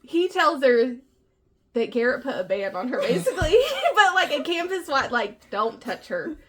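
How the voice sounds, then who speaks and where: A woman's voice: high voice, big pitch swings, normal speed. A woman co-hosting a casual book chat, laughing often as she retells scenes and acts out the characters' lines. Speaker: book podcast co-host.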